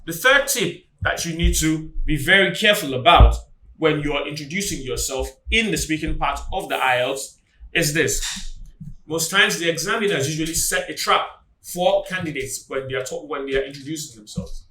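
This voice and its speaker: Bright-voiced man teaching in an echoey room. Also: fairly high pitch, distant mic. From Nigeria. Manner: deliberate, emphatic teaching delivery with slowed example phrases. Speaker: IELTS tutor. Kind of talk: instructional video lesson.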